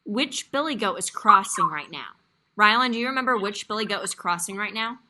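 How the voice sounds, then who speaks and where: A woman teacher leading a young class over a video call, encouraging and expressive as she reads a story aloud. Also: mid-range voice, a little fast, noisy background. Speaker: kindergarten teacher. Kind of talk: online class lesson.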